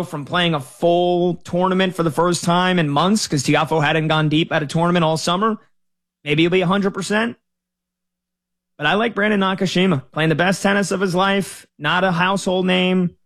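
A man's voice: on the high side, a bit bright. A man talking casually as a sports betting analyst, weighing picks in a loose conversational way with frequent filler words and restarts.

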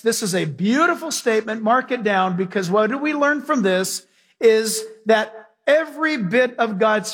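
A man preaching a sermon as pastor, animated and folksy, acting out scenes for the congregation. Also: sits high, slightly rough. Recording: hall reverb.

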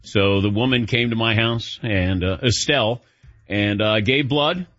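A sports radio host chatting casually, telling a self-deprecating story in an animated way while feeling lightheaded. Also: male voice, fairly low pitch, unhurried, dry recording, dull audio.

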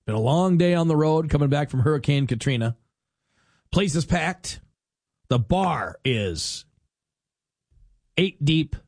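A middle-aged man talks his way through a casual talk-show monologue. He is wry and chatty, slipping into little acted-out scenes as he goes. His voice sits a touch high, and the sound is dry and close to the mic. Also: darkish tone, dry recording. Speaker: radio host.

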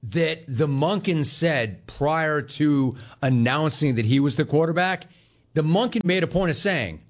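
On a sports radio rant, a man with a somewhat high voice and lively intonation speaks at a moderate pace. Sarcastic and derisive about his targets, he shifts back and forth between hollering and imitating them.

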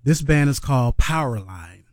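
A man's voice: medium pitch, lively intonation, normal speed, no room sound. A man on a radio show's staff, presenting a quiz game to the hosts in casual banter in a studio.

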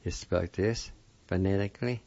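A man's voice: low voice, moderate pace, dark tone, muffled recording. A man teaching a weekly language lesson, spelling and pronouncing words carefully syllable by syllable.

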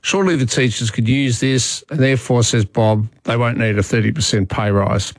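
Aussie bloke on talkback radio, chatty and opinionated, lots of ums, mid voice, dry studio sound. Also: male voice, medium pitch, fairly even intonation, normal speed, dry recording. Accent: Australian. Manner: conversational and opinionated, with frequent fillers and restarts. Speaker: radio host. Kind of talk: talk radio monologue and call-in.

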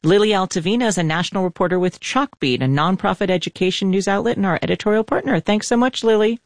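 A woman radio host asking a guest questions and thanking her, clear and composed. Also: medium pitch, quick pace, no room sound, clean studio sound. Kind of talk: radio interview.

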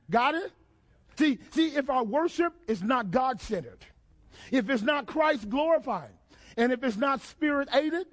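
High voiced pastor guy preaching hard, keeps asking the church questions, gets loud and shouty. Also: lively intonation, unhurried. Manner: call-and-response questions to the congregation, emphatic shouted build-ups. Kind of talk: sermon.

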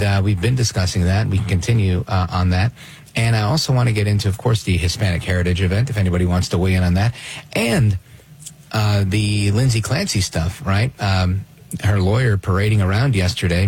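A man's voice: fairly low pitch, a little fast, a little mellow, a little hiss or hum. A man hosting a talk radio show, delivering an opinionated, sardonic monologue and reacting to clips he plays.

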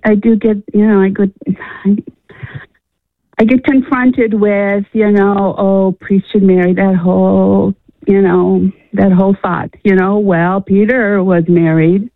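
A woman calling in to a radio show, halting and restarting often as she asks her question. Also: mid-range voice, little pitch movement, no echo. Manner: halting, restarts often, fills with "you know". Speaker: caller. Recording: tinny phone line.

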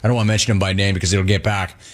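In a low voice with little pitch movement, a sports talk radio host talks rapid-fire, riffing with energy and slangy, casual phrasing on his call-in show.

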